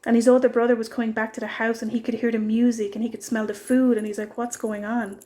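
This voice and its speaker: A woman giving a short devotional church message, retelling a parable in an earnest, gentle way. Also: fairly high pitch, level tone, quick pace. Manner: earnest storytelling. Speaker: church speaker.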